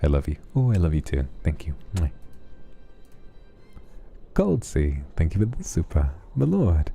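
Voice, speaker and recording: A man hosting a soft late-night ASMR stream, gently reading viewers' messages aloud and answering them affectionately. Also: low-pitched, wildly swooping pitch, normal speed, vocal fry, faint music behind.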